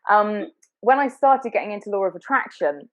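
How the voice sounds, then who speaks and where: A woman's voice: mid-range voice, animated, moderate pace, no echo, poor audio. A woman hosting a casual interview, chatty and laughing often, with plenty of fillers. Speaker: interview host.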